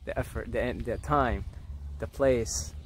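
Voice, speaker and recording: A man musing aloud in an unscripted monologue, halting often with fillers and restarts, repeating phrases and at times dropping to soft near-whispers. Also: mid-range voice, a little hiss or hum. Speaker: vlogger.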